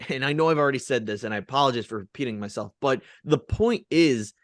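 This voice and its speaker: A man's voice: medium pitch, a little fast, dry recording, clean studio sound. A man co-hosting a podcast, talking in an emphatic, casual way and swearing freely. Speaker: podcast co-host. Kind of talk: casual chat.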